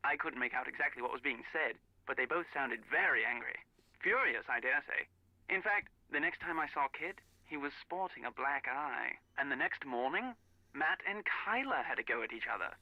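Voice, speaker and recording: A man's voice: medium pitch, lively intonation, moderate pace, no room sound. An actor playing a stiff, disdainful man speaking over a phone line in a mystery game. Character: prim, haughty middle-aged man on phone. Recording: muffled phone call in game.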